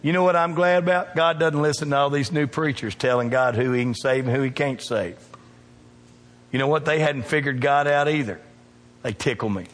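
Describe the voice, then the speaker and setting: A man's voice: medium pitch, normal speed, in a large hall. A male pastor preaching a sermon, emphatic and calling out to his congregation in a church. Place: church sanctuary.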